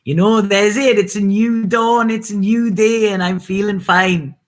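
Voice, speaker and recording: A woman's voice: medium pitch, fairly even intonation, measured pace. Tarot reader, woman, casual spiritual live-stream host; earnest, emphatic, easy laugh, mid-range voice. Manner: earnest and emphatic, laughs easily, drops a swear now and then.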